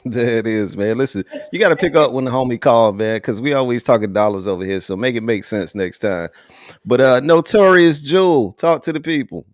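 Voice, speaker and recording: A relaxed man hosts a live online music panel, talking in an easy, slangy way with lots of "man" thrown in. His voice sits in a middling pitch. The sound is dry and close over a video call. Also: fairly quick, no echo. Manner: laid-back, slangy, says "man" often. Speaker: host. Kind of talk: casual live panel hosting.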